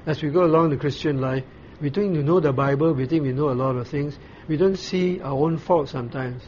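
A man preaching a Bible sermon in a fairly high voice, taking his time and stopping to ask the listeners questions. The recording sounds dull and a bit muffled, with a faint hiss underneath. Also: a little mellow. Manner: explains slowly, pauses often with "uh", asks the listeners questions. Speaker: pastor.

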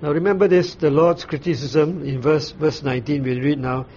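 A man preaching a sermon, explaining scripture slowly, pausing often and asking his listeners questions. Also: on the high side, mellow, muffled recording, a little hiss or hum. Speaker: pastor. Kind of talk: sermon, Bible teaching.

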